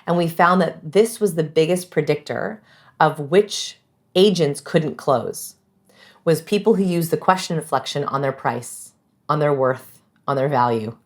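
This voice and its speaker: A woman guest giving animated, emphatic interview answers about communication, acting out example phrases. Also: low-pitched, a little slow.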